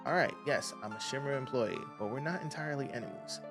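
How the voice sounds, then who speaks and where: A man's voice: medium pitch, fast talker, creaky, music in the background, pitched above the performer's own voice, lightly acted. A man reading the lines of a cocky male toy-cat spy from a game, in a breezy, offhand way. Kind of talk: reading game dialogue aloud.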